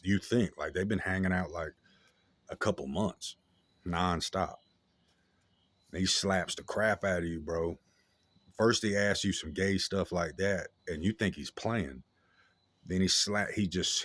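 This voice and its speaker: A man telling a story in a casual, slangy way, with halting restarts and lots of fillers. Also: low-pitched, fairly bright tone, no echo.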